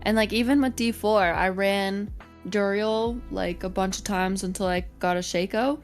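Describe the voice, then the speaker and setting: A woman's voice: mid-range voice, fairly even intonation, moderate pace, soft background music. A woman guest, a streamer and content creator, chatting casually in an interview, bubbly and giggly with lots of "like" fillers.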